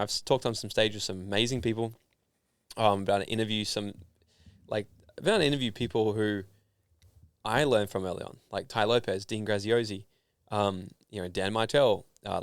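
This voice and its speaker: An Australian man telling stories in a casual interview, animated and full of fillers. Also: on the low side, clear, resonant tone, no echo, clean studio sound. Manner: animated storyteller, filler-heavy. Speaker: podcast guest, founder and speaker.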